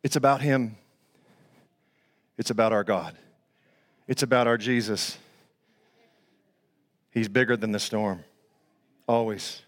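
A man in his sixties preaching a sermon, swinging from loud, excited storytelling to hushed, almost whispered moments, with casual slangy asides. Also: lowish voice, slow, pauses often. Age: 60s. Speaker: pastor.

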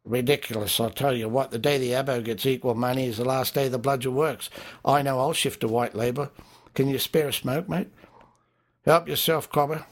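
A man doing loud Australian pub blokes. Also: fairly even intonation, normal speed, close to an everyday voice. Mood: rowdy banter. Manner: loud, bantering, raised pitch. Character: rowdy Australian pub drinkers, working men.

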